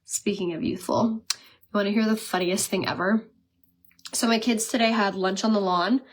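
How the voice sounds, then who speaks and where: A woman in her thirties chatting casually on a live stream while she does her makeup. She talks fast, says "like" a lot and laughs often. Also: mid-range voice, steady tone. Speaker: makeup seller and vlogger. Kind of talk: casual livestream chat while doing makeup.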